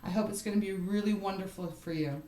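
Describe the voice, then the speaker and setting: A woman's voice: mid-range voice, fast talker, mellow. Earnest woman reading tarot in an echoey room. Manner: earnest, encouraging, talks straight to the listener; repeats herself, with frequent "you know" and "right". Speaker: tarot card reader. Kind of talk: tarot reading for a star sign.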